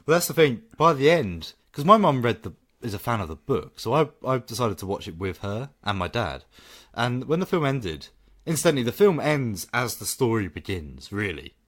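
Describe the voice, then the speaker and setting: A man with a medium-pitched voice co-hosts a film podcast, chatting enthusiastically and reading scripted reviews in an animated way. He speaks at a moderate pace, and the recording is dry.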